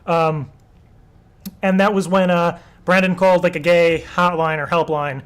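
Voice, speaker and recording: Young male streamer, slightly higher voice, casual rambling chat full of swearing. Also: little pitch movement, a little slow, a little hiss or hum. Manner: rambling, laughing and swearing freely. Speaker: live show host.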